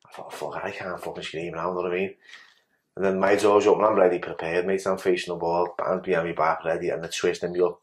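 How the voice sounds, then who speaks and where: A man's voice: low-pitched, little pitch movement, quick pace. A man tells a story as a podcast guest in casual talk. He is blunt and sweary and often restarts his sentences.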